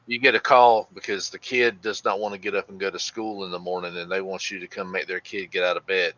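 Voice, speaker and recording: Low, bright-edged former cop. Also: male voice, flat delivery, a little fast. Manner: storytelling, blunt, mild cursing. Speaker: podcast co-host, former police officer. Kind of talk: casual chat. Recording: slightly dull, lo-fi sound.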